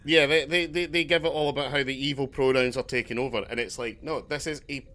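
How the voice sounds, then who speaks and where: Podcast co-host, male, bright tone, chatty and digressive, curses casually. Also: mid-range voice, steady tone, quick pace. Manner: rambling, loses his thread, swears. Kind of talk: casual chat.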